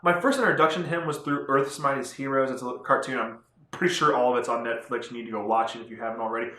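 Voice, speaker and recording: A man's voice: mid-range voice, steady tone, fast talker, fairly bright tone. A young man giving a rambling, casual spoiler review of a movie, full of fillers and the odd swear word. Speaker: movie vlogger. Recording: echoey room.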